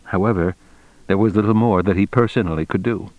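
A man reading a novel aloud as narrator in a measured, steady way. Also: lowish voice, no echo, narrow, tinny audio. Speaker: audiobook narrator. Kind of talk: scripted narration.

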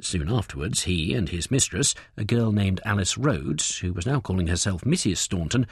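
A man with a low, husky voice tells a true-crime story in scripted narration. His delivery is dramatic, his pitch rising and falling in wide, lively swings. The sound is dry and close. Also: moderate pace, no echo.

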